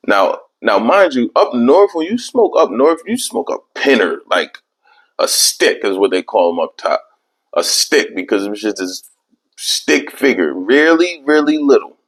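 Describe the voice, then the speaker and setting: A young man hosting a podcast, telling a long story in casual, profane, rambling chat. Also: fairly low pitch. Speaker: podcast host.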